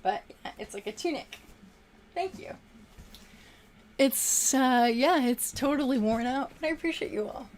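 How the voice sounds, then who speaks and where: A woman's voice: sits high, lively intonation, measured pace, long pauses, a little hiss or hum. A young woman hosting a casual livestream, chatting and effusively thanking viewers for their super chats.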